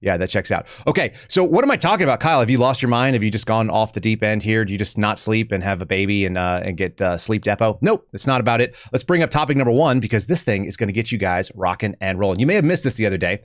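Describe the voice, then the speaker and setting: A man's voice: lowish voice, lively intonation, fast talker, few pauses, dry recording. Sarcastic male podcast host, dry sound. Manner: sarcastic, rambling, joking asides. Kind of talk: casual political commentary.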